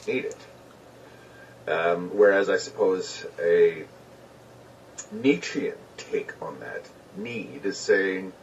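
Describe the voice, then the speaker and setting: A man's voice: deep voice, slow, long pauses, a little hiss or hum. A man musing aloud, hesitant and questioning, with frequent ums. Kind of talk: musing discussion. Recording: muffled distant recording played back.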